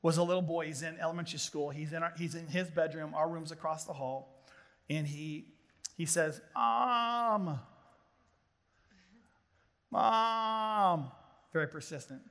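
Joking high-voiced pastor preaching in a hall. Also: male voice, brisk. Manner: animated storytelling with jokes. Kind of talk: sermon. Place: large hall before an audience of pastors. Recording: long hall reverb.

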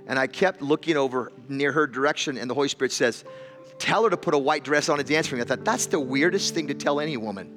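In a sermon given in a church hall with listeners present, a pastor builds a story through repeated words toward a loud, emotional climax. His voice is medium in pitch and fast, backed by soft music.

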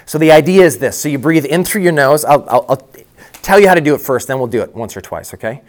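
A man's voice: fairly high pitch, expressive, quick pace. Candid pastor telling his story. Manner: candid storytelling with many restarts. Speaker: lead pastor. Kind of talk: conference breakout talk. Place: conference breakout room.

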